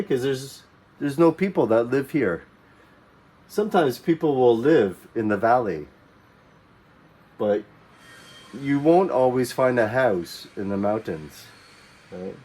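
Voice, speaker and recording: A man's voice: medium pitch, mellow. A man teaching a geography lesson to young learners, repeating key words and checking understanding with frequent "okay" and "right?".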